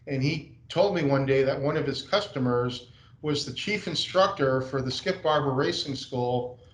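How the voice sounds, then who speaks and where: Man, middle-aged, from the USA, casual rambling storyteller, video call audio, echoey room. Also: medium pitch. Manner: casual, rambling anecdote with acted quotes. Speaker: guest speaker, race car designer. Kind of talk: relaxed storytelling Q&A.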